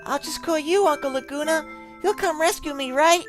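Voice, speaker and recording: A man voicing a sweet, clingy little girl from a video game in a high squeaky childlike voice, recorded on a close mic. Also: normal speed, music in the background. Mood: pleading. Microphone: close mic with popping.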